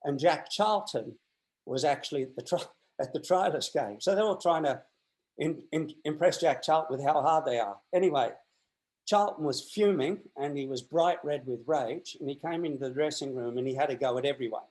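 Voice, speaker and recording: A man's voice: a little high, normal speed, rough recording. A man in his sixties with an Australian accent, telling a long story in a casual interview and acting out the people in it. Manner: animated, acts out the voices in his tales. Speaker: interview guest. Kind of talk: anecdotal storytelling in casual chat.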